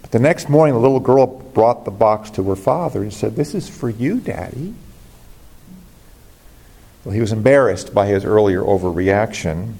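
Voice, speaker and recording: A man's voice: on the low side, fairly quick, vocal fry, few pauses, mellow. Earnest male pastor preaching. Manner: earnest, rising to emphatic exclamations. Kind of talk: sermon.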